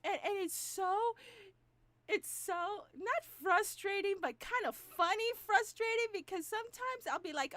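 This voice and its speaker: Woman, high bright voice, animated, gushing, chatting to viewers, close mic. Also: unhurried, no room sound. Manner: animated, gushing, laughs often. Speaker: papercraft channel host. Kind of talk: casual chat to live viewers. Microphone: new microphone, moved closer.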